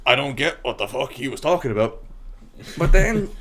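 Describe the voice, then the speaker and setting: A man's voice: mid-range voice, expressive, normal speed, fairly bright tone, slight background noise. An Irish man co-hosting a podcast, ranting casually and acting out movie scenes, swearing freely. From Ireland. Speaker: podcast co-host. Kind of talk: casual chat.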